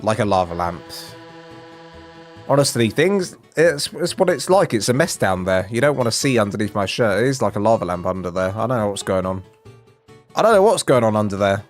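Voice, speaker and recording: A man's voice: fairly low pitch, big pitch swings, fairly quick, soft background music. A man chatting casually on a live game stream, rambling and self-deprecating with a jokey manner. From England.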